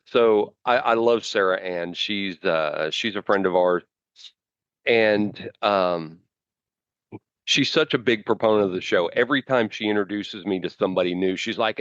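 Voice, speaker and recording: A man co-hosting a podcast in casual chat, rambling and halting with lots of fillers and restarts. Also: on the low side, a bit bright, clean tone, no room sound, lo-fi sound. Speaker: podcast co-host.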